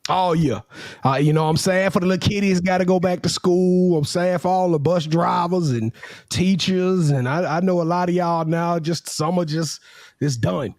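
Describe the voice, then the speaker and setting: Man co-host, eager, trips over his words, higher pitch, dry sound. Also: normal speed, dry recording. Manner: excitable, stammering. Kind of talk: casual chat.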